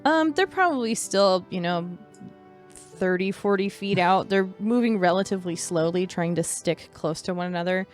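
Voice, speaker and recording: A woman in California narrating as game master, relaxed, with many fillers and casual swearing. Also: mid-range voice, normal speed, soft background music. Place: home in California.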